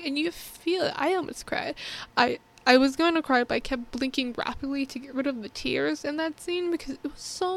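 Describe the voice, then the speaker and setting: A woman with a high voice talks through a film in a casual review vlog. She is earnest and heartfelt, rambling and restarting her thoughts as she goes. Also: vocal fry. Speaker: movie reviewer.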